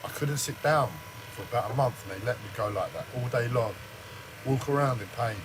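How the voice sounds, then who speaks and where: Standing in front of a camera on a livestream, a shaken, agitated man goes on an angry personal rant laced with heavy swearing. He says he sounds like he's in shock. His voice is medium-pitched and fairly quick, with background noise in the recording.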